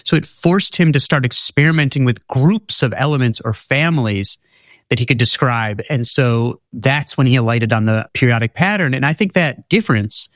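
A man's voice: mid-range voice, no room sound, studio quality. A man, an author guest in an interview, explaining ideas in an articulate, storytelling way. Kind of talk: conversational interview.

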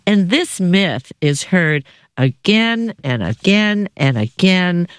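A man hosting an interview, chatty and self-deprecating with animated asides. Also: high voice, takes it slowly, clean tone, no room sound, clean studio sound. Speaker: interview host. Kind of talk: conversational interview.

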